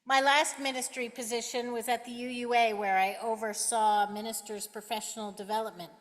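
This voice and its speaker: Woman minister, middle-aged, unhurried sermon delivery, fairly high voice, long church reverb. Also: a bit bright. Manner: measured, emphatic preaching with deliberate pauses. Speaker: guest minister. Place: church sanctuary. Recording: reverberant sanctuary sound.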